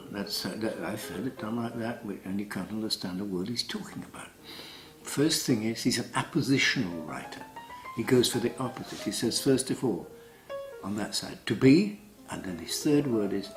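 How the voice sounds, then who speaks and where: A man with a clipped British RP accent, a stage actor in an archival interview clip, explaining verse and reciting lines theatrically, swinging from loud to hushed. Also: on the low side, expressive, moderate pace, soft background music, rough recording.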